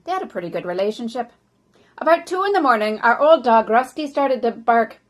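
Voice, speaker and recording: A woman acting as a dead older man who narrates his life story in a first-person historical monologue, often dropping soft and slow. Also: on the high side, natural voice. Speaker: volunteer actor.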